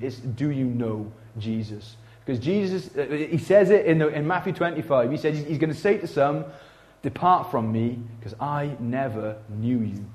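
Animated preacher, man. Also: mid-range voice. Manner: conversational, animated preaching with big swings in loudness. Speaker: pastor. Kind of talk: sermon. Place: church.

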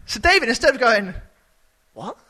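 Male preacher, fairly high, bright voice; chatty sermon, animated delivery. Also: normal speed, poor audio. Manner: conversational and animated, with sudden shouted character voices.

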